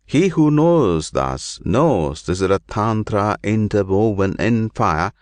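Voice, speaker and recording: A man reading an ancient scripture aloud in slow, measured, deliberate phrases. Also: lowish voice, animated, dry recording. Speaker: reader.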